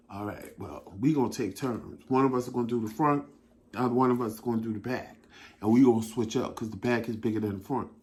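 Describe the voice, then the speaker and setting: A middle-aged man telling stories in a casual chat as a talk show co-host, lively and laughing, acting out what he said. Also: mid-range voice. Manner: animated, laughing storyteller who acts out his own quotes. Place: home living room.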